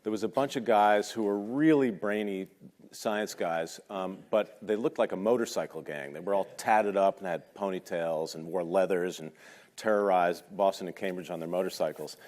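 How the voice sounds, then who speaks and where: Speaking at normal speed in a low-sitting, darkish voice, a man in his fifties relates stories from his life during a talk. The large lecture hall lends a long reverb, and his delivery is conversational, halting and self-mocking.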